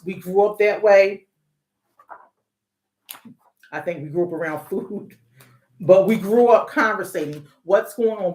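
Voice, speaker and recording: A woman's voice: on the low side, a little mellow. Chatty woman therapist in an echoey room. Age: middle-aged. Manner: conversational, repeats words, rhetorical questions. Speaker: host, therapist. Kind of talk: casual talk on parenting and emotions.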